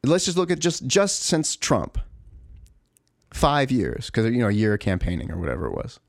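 A man's voice: medium pitch, animated, normal speed, creaky, no echo. Man, mid-range voice, dry sound, profane rambling rant, exasperated. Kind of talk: ranting monologue.

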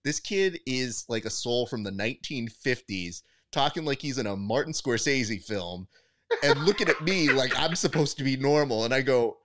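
A man hosts a casual chat, his voice at a middle pitch. He tells coaching stories with lively acted-out voices and an easy, swearing manner. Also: moderate pace. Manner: animated storyteller, acts out voices in anecdotes, swears. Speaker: podcast host, wrestling coach. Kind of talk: casual interview.

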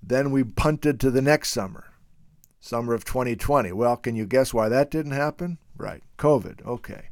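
A man hosting a casual, unscripted talk about geology. He speaks in an emphatic, animated and opinionated way. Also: mid-range voice, normal speed, no echo, clean studio sound. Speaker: host.

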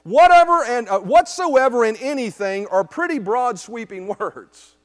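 Male pastor with a very high voice, preaching emphatically and often asking the room "right?". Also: lively intonation, unhurried. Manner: emphatic, with frequent rhetorical "right?" checks. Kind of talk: sermon. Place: church service.

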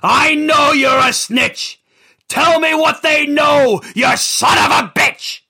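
A man's voice: very high-pitched, slow pace, creaky, voice pushed up, heavily acted. A man voicing a brutal, hot-tempered mob boss who barks threats. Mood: menacing. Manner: shouting threats.

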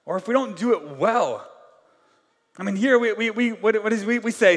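A man preaching with a high, bright voice, talking loosely and conversationally, with many fillers. His energy swings between loud bursts and quiet asides. The sound rings with the long reverb of a large hall. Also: moderate pace. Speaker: pastor. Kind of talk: sermon.

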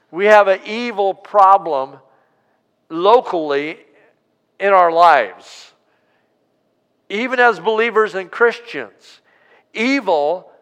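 High-voiced pastor preaching slowly in a hall. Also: male voice, a bit bright, clean tone. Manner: preaching with call-and-response, drawn-out emphasis. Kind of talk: sermon. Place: church sanctuary.

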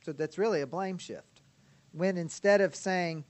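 A man's voice: a little high, moderate pace, darkish tone. A man teaching a lecture on biblical counseling as an experienced counselor, talking conversationally, laughing often and checking in with his listeners. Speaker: counseling instructor.

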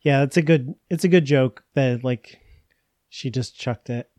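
Recorded dry at studio quality, the podcast co-host talks a little slowly in a darkish mid-range voice. He keeps the book-club conversation casual, joking, laughing often and wandering into rambling asides.

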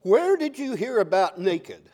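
A man voicing a patient, fatherly divine figure who asks gentle questions in a conversational way. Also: high-pitched, sing-song, a little slow, full character voice. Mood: puzzled.

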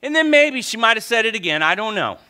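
A middle-aged man preaching to a congregation with lively storytelling. His voice sits a little high and rings bright and forceful. He slips into playing out his own inner complaints as he teaches. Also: fast talker, clean tone. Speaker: pastor. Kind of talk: sermon.

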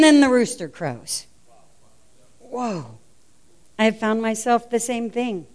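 A woman's voice: fairly high pitch, lively intonation, a little slow, long pauses. A woman preacher delivering a sermon, telling the story with animation and acting out the lines of the people in it.

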